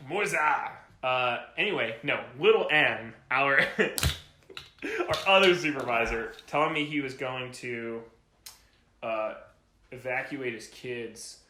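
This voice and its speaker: A man's voice: mid-range voice, slow pace, bright, forceful tone, echoey room, slight background noise. A man co-hosting a podcast in casual chat, rambling through stories and laughing often. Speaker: podcast co-host. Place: home during a power outage.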